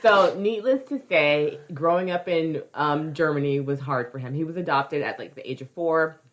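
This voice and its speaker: A woman's voice: sits low, normal speed. A woman co-hosting a podcast, telling a story in casual chat, swearing freely and acting out quoted voices.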